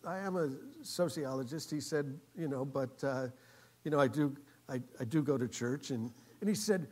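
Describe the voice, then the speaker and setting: Husky man telling a sermon story. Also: fairly high pitch, moderate pace, darkish tone. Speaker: pastor.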